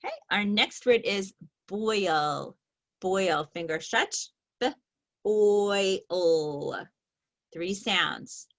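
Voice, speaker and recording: A woman leads a phonics lesson at a very unhurried pace and draws each sound out slowly and clearly. Her pitch sits in the middle, and her delivery stays patient and steady. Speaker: reading teacher.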